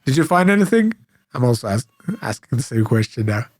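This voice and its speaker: A man co-hosting a podcast in casual chat, hoarse and sick with flu, hesitant and full of fillers. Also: mid-range voice, very animated, brisk, darkish tone. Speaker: podcast co-host.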